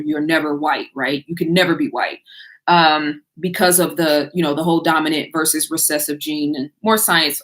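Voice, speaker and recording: A middle-aged woman hosting a live Q&A, talking to her viewers in a loose conversational way with frequent fillers and restarts. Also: fairly low pitch. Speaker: host answering viewer questions. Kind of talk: casual live Q&A talk.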